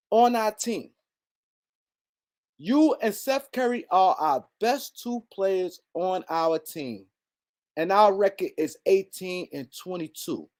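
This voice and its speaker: A man whose voice sits high and a little mellow delivers a heated solo sports commentary. He repeats his points for emphasis and speaks directly to players who aren't there.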